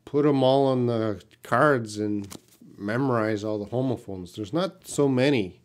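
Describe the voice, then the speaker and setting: A man's voice: medium pitch, unhurried. Canadian man teaching on a live stream. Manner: reads viewer questions aloud and answers plainly, blunt at times. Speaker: English teacher.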